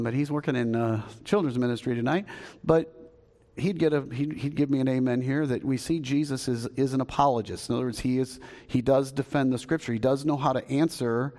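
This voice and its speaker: A man's voice: mid-range voice, a little mellow. A man with a Southern US accent preaching a sermon as pastor, in a folksy, conversational way that asks the congregation questions. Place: church sanctuary. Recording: long hall reverb.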